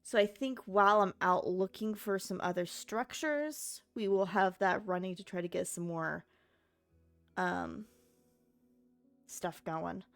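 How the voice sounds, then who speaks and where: A woman's voice: mid-range voice, slow, soft background music. Sleepy chatty woman streaming a game. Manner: chatty, rambling, talks to her chat. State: sleepy, just woke up. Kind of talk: casual game-stream chat.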